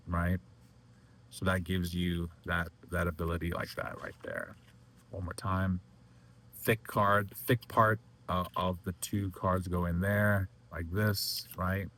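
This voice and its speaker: A man with a fairly low voice talks through a card trick step by step. His speech is loose and halting, full of fillers and restarts as he handles the deck. It sounds like an informal teaching demonstration. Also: fairly bright tone. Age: adult. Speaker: magic instructor. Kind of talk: casual demonstration lecture.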